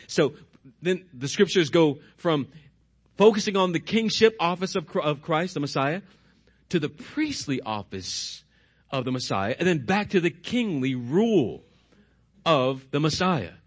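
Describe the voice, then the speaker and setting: Emphatic preaching man, higher pitch. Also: very animated, husky. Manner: emphatic preaching, asks the congregation questions; slows and drops his voice for emphasis. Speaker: pastor. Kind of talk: sermon.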